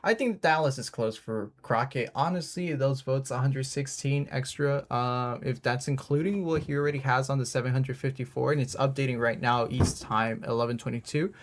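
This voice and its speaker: A man's voice: medium pitch, moderate pace, hardly any pauses, a little hiss or hum. A man hosting a casual live election stream, joking and teasing his co-hosts between remarks. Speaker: livestream host.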